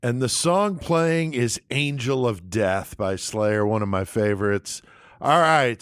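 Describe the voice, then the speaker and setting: A man's voice: mid-range voice, clean tone. Crude, upbeat podcast host man. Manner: crude, enthusiastic, drives the segment. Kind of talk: casual podcast banter.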